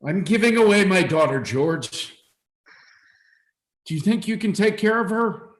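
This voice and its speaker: A man reading the part of a gentle father of the bride, soothing and measured, in a staged play reading. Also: sits high, expressive. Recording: echoey room.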